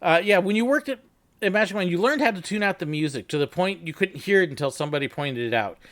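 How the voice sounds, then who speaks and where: A man's voice: high-pitched, animated, fast talker, fairly bright tone. A man hosting a live chat, talking casually and joking while answering viewers and telling work stories. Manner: chatty, laughs easily, jokey. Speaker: host. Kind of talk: live reaction chat and storytelling.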